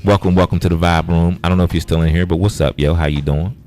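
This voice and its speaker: A man's voice: low-pitched, steady tone, quick pace, darkish tone. A man hosting a casual livestream, bluntly retelling an argument with profanity and quoted back-and-forth. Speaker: livestream host.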